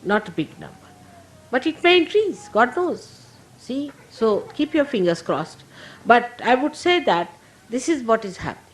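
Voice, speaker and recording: An older woman with an Indian accent, a spiritual teacher giving a gentle, humorous sermon to her followers. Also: a little high, big pitch swings, moderate pace, low-quality recording. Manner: gentle, humorous, laughing as she talks.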